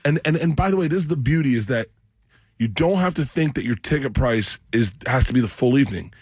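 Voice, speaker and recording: Husky-voiced comedian telling a rambling story. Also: male voice, medium pitch, animated, a little fast, no echo. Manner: rambling, acts out quoted voices. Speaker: comedian guest. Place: radio studio.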